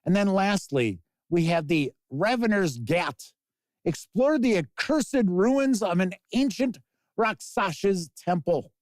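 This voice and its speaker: A man's voice: sits high, animated, takes it slowly, dry recording. Chatty man hosting a gaming news stream. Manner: chatty, reads news then riffs on it, answers chat comments. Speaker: host of a tabletop gaming news show. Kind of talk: casual live-stream news commentary.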